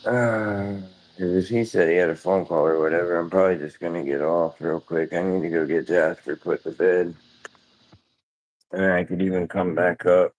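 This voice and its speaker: A man's voice: deep voice, fairly even intonation, moderate pace, a little mellow. A man streaming live from home, chatting casually in a loose, rambling way, swearing offhand and calling everyone "dude".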